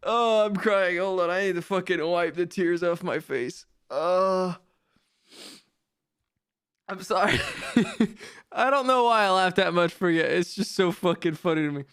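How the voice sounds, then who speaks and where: A young man streaming live, talking casually to his chat, excitable and self-mocking, swearing freely. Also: high-pitched, moderate pace, clear, resonant tone, no room sound, clean studio sound.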